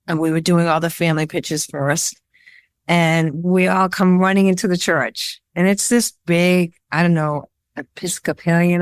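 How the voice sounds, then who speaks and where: A woman photographer being interviewed, talking in a rambling, animated storytelling way with lots of fillers. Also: lowish voice, clean tone, no echo. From Worcester, Massachusetts area. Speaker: guest, photographer. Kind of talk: casual interview chat.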